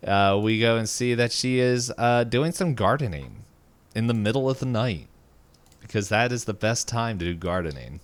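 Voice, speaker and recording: A man's voice: on the low side, expressive, normal speed. A man co-hosting a podcast, recapping a cartoon episode in a rambling, casual way with many fillers and frequent chuckles. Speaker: podcast co-host.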